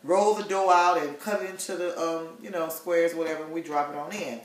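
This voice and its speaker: A woman's voice: fairly low pitch, steady tone, brisk. A woman chatting casually through a home cooking demonstration in her kitchen, often checking in with her viewers with "okay?". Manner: chatty, tags sentences with "okay?" and "you guys". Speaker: home cook vlogger. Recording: roomy kitchen with faint sizzle. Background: pan sizzling.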